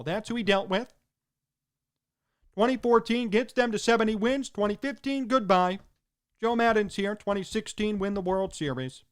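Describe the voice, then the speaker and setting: A man hosting a sports talk show, delivering an emphatic opinion monologue in punchy, repeated short sentences. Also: sits high.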